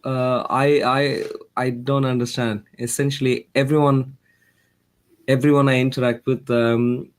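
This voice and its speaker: A man's voice: mid-range voice, little pitch movement, measured pace. A man co-hosting a live stream, laughing often and stammering over repeated words. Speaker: co-host. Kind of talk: casual live stream chat.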